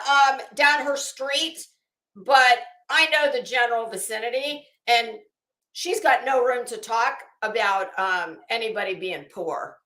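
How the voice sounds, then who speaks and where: A woman hosts a live stream in a sharp, bright voice pitched a little high. She reads the chat and trades catty, sarcastic gossip, swearing freely. The sound carries a roomy echo. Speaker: livestream host.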